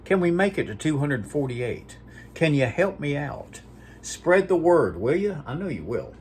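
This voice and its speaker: A man's voice: on the high side, big pitch swings, a little slow, darkish tone, husky. A man hosting his own video channel, rambling in a folksy, profane casual monologue before a sign-off. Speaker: vlog host.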